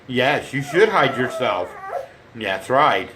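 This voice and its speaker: Indoors at home, a homesteader vlogs casually to camera, rambling chattily and cooing at his dogs. His mid-range voice swings widely in pitch at a slow pace, with background noise present.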